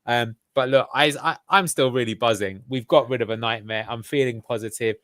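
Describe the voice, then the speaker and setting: A man's voice: medium pitch, brisk, a bit bright, no room sound, clean studio sound. A man hosting a fan podcast, jokey and steering the conversation between guests. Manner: jokey, leads the discussion. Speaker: podcast host. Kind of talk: casual football fan chat.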